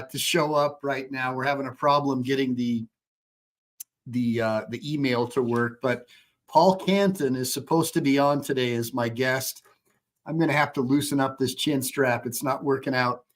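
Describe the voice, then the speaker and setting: A man in his fifties from the United States, an attorney hosting a casual livestream, talking in a rambling way with many restarts. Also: mid-range voice.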